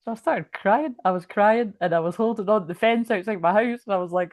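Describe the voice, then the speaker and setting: A woman's voice: mid-range voice, fast, hardly any pauses, darkish tone, no room sound. A woman reading tarot in casual talk, rambling, swearing and laughing as she tells a story. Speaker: tarot reader.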